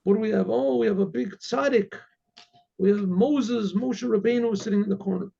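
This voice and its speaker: A man's voice: high-pitched, moderate pace, creaky, mellow, slightly rough, pitched above the performer's own voice, heavily acted. A man doing a mocking drunk ruffian. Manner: mocking, boisterous. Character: rowdy drunk young male ruffian. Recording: dull lo-fi recording.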